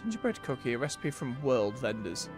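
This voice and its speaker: A man's voice: medium pitch, very animated, fairly quick. A man streaming an online role-playing game, chatting casually and thinking aloud as he plays. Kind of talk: casual live-stream commentary. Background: game music.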